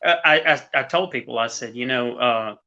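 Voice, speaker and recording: A man co-hosting a casual sports chat, earnest and halting, often restarting his sentences. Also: mid-range voice, gravelly, sharp tone, highs cut off. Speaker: podcast co-host.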